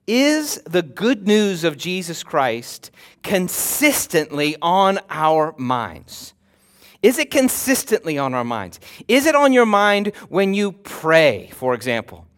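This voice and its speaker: A man preaching a sermon in an earnest manner, stumbling over repeated words and slowing down to press on key phrases. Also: high voice, fairly bright tone. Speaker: pastor.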